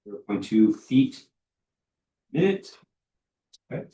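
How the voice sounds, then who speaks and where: A man's voice: mid-range voice, big pitch swings, takes it slowly, warm tone. A young man lecturing a university class in a casual, filler-heavy way, often stopping to check for questions. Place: lecture hall. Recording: echoey lecture hall, distant mic.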